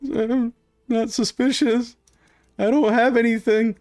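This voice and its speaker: A man voicing a timid, nervous young male elf who pleads in a high, flustered voice. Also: fairly even intonation, slow pace, darkish tone, no echo, studio quality, faint music behind, heavily acted. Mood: scared.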